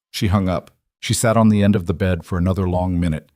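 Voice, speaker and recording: Low-voiced male audiobook narrator. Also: steady tone, fast, few pauses, a little mellow, dry recording, studio quality.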